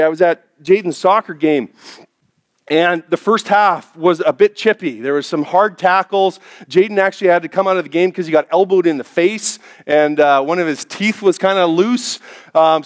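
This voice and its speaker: Middle-aged male pastor preaching a sermon. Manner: storytelling, drops to a hushed low voice for quoted thoughts.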